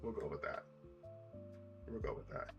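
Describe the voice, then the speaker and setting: A man's voice: normal speed, highs cut off, over loud music. A man chatting casually on a live stream, rambling with lots of repeats and asides to his chat.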